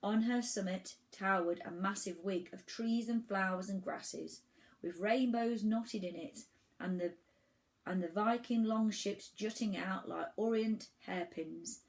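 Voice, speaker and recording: A woman's voice: medium pitch, measured pace, rough recording. Woman reading a children's storybook aloud. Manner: animated storytelling with occasional restarts. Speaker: children's book reader.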